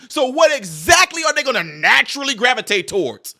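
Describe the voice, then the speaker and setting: This is a man hosting a reaction video, his voice pitched high and cutting through sharp and bright. He talks straight to his audience as y'all and stacks up mocking questions in exasperation. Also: very animated, fairly quick, hardly any pauses. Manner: addresses viewers directly as y'all. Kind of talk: reaction commentary.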